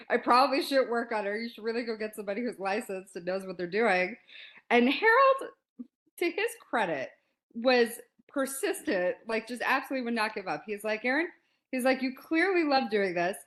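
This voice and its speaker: A woman in her forties, a podcast guest telling a story in a lively, casual way and acting out quotes. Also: on the high side, moderate pace. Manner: animated, laughs often, acts out quotes.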